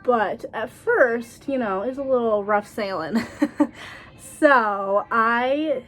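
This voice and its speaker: A woman's voice: a little high, slow pace, faint music behind. Blunt, chatty young woman vlogger. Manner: blunt, animated, laughs often. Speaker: cosmetologist sharing school experiences. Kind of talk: casual storytelling vlog.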